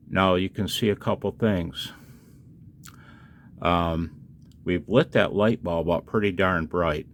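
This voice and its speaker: A man's voice: sits low, slight background noise. A tired man, up late at night, casually demonstrating a hobby device and chatting to the viewer with questions and chuckles.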